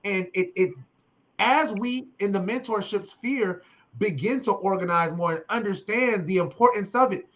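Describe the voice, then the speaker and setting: A man's voice: high-pitched, moderate pace, fairly bright tone, highs cut off. A man hosting a video call conversation, passionate and preachy, repeating phrases for emphasis. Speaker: host. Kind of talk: casual panel conversation.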